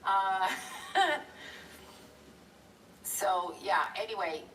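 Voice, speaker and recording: A woman with a bright, sharp-edged voice talks casually on a live stream, rambling from one thought to the next with blunt, salty asides. She sits back from the mic in a roomy, echoing space, with a faint hum of ambience behind her. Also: mid-range voice, animated, takes it slowly, pauses often. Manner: rambling, blunt and profane, chuckling. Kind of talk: casual live-stream chat while drawing. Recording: roomy echo from a distant mic.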